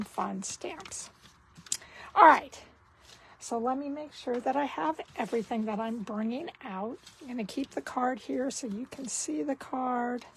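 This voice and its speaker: A woman giving a casual card-making tutorial, talking slowly and thinking aloud as she works. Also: a little high, a little hiss or hum, poor audio.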